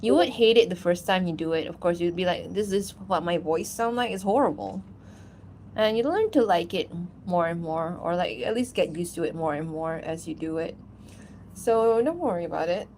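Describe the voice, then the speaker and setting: A woman's voice: on the low side, lively intonation, brisk, a little mellow, a little hiss or hum. Giggly woman rambling on a livestream. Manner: giggly, rambling, lots of fillers. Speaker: animator streaming while answering chat. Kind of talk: casual livestream chat.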